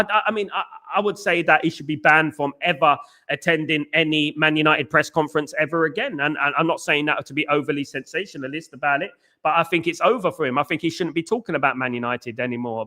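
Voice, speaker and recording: A man hosts a casual football fan chat, thinking out loud and restarting sentences as he goes. His voice sits a little high and has a bright, forceful edge. He reads viewers' messages into a close desk mic. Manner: rambling, restarts often, frequent "mate" and "you know what I mean". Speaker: podcast host reading live chat.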